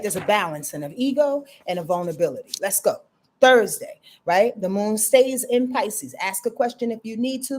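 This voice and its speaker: Woman, astrologer, casual forecast, brash and profane, playful, mid-pitched voice. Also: darkish tone. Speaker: astrologer host.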